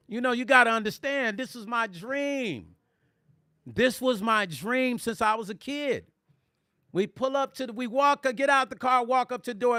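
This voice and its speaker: A middle-aged man tells stories on a casual livestream in a high, bright voice. He talks animatedly and speaks directly to his viewers. The sound is dry and close. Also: moderate pace, no room sound. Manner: animated, addresses viewers directly, reads chat aloud. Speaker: musician and vlog host.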